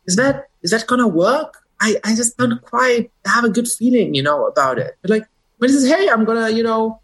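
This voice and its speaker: A man's voice: extremely high pitch, animated, a little fast, fairly bright tone, voice pushed up, exaggerated voice. A man with a German accent imitating a working-class male comedian from New Jersey, musing in a folksy, hesitant way. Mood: folksy uneasy.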